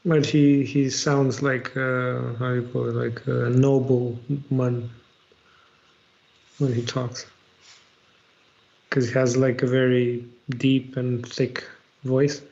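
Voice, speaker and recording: A man from Romania talks slowly in casual chat and often pauses to find the English word. His voice has a gravelly rasp, and the stream audio is dull and lo-fi. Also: medium pitch, level tone, darkish tone. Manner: halting, hunts for English words.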